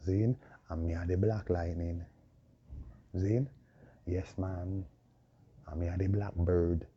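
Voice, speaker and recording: A man with a hoarse voice, preaching a proclaiming monologue full of repeated rhetorical questions. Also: sits low, steady tone, slow, warm tone. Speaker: self-styled preacher. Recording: dull lo-fi recording with faint noise.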